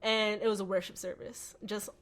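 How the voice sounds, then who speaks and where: A woman telling her personal faith testimony as a podcast guest, animated, acting out quoted voices, with lots of "like" and "you know.". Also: mid-range voice, moderate pace. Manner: frequent "like" and "you know" fillers.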